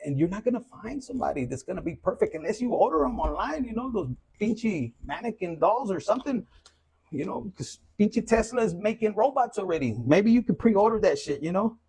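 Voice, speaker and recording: A man's voice: sits high, animated, brisk, creaky, a little mellow, slight background noise. A man giving a loose, profane, casual collective tarot reading. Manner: loose and profane, with Spanish slang mixed in. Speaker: tarot reader.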